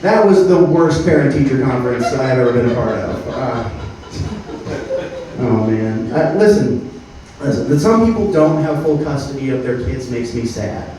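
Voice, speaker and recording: A man in his thirties performing a stand-up comedy set on a club stage, deadpan, with frequent filler words. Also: mid-range voice, normal speed, noisy background. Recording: roomy club sound from a distance. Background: faint room ambience.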